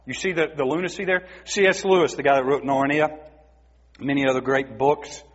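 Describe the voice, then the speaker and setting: A man's voice: medium pitch, fairly even intonation, fairly quick. A man preaching a sermon, emphatic and asking the congregation rhetorical questions. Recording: dull, muffled recording in a reverberant hall.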